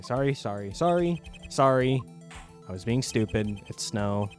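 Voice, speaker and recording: A man's voice: medium pitch, lively intonation, measured pace. A man hosting a let's play, commenting casually with self-mocking asides, over faint game music. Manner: self-deprecating, giggly asides.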